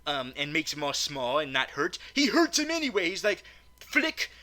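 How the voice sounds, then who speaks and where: A man's voice: on the high side, huge pitch swings, moderate pace, bright, forceful tone. A man doing a comedic movie recap, stammering often and breaking into mock-outraged, swearing rants.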